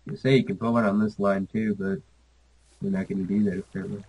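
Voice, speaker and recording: A man's voice: fairly low pitch, level tone, fast talker, a little mellow, breathy edge, lo-fi sound. A man joining a casual game session, tossing out dry, self-mocking quips. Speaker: gaming guest. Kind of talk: casual gaming banter.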